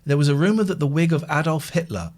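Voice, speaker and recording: A man's voice: on the high side, animated, quick pace, a little mellow. A middle-aged man hosting a live phone-in show, telling rambling anecdotes in a chatty way. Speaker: radio phone-in host. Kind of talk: casual live chat.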